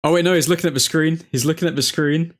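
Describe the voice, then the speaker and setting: Excitable man reacting live to football. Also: fairly high pitch, fast. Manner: excitable fan reactions, shouts at chances; pleading and grumbling at the referee. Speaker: football watchalong host. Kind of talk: live match commentary.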